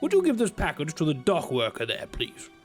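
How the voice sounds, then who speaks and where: A man's voice: on the high side, wildly swooping pitch, fairly quick, soft background music. A man voicing the town mayor of a video game in a sing-song, jokey way. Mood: mock-polite.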